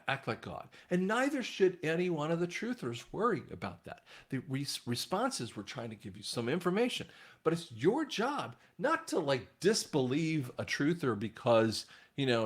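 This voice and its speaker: A man talking casually to his viewers in a rambling monologue, often restarting his sentences. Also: normal speed. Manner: rambling, frequent restarts, animated swings in pitch. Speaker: online commentator.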